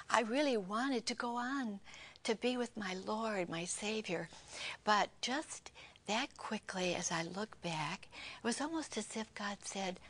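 A woman's voice: mid-range voice, a little slow, a bit bright. An older woman co-hosting a Christian television program, giving a heartfelt personal testimony and often dropping to an unvoiced whisper.

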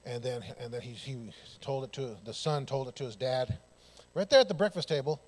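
A man preaching a church sermon, telling personal stories in an animated way and acting out the dialogue. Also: medium pitch, a little fast. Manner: animated, loud bursts, laughing, acts out dialogue. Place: church sanctuary.

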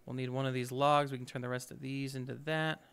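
Upbeat, smooth-voiced male gamer. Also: medium pitch, little pitch movement, a little fast, fairly bright tone. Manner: upbeat, chatty, thinking aloud. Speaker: let's play host. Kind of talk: casual gameplay commentary.

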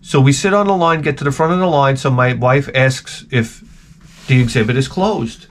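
A man hosting a video, telling a rambling, profane comic rant with lots of restarts and asides, swinging between loud bursts and muttered remarks. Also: mid-range voice, normal speed, slight background noise. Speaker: video host.

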